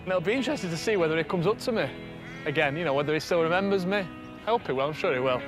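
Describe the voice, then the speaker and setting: An excitable man with a northern English Oldham accent, talking to camera out in a farm field. His voice sits a bit high for a man, and he laughs readily. A clear music bed runs under everything he says. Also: very fast. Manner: chatty, excitable, laughs often. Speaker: first-time farmer, presenter. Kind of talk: casual on-camera chat. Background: background music.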